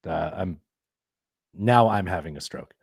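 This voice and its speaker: A man's voice: sits low, animated, a little slow, gravelly, husky, dry recording, studio quality. A man hosting a podcast in casual chat, joking and rambling and often laughing. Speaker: podcast host.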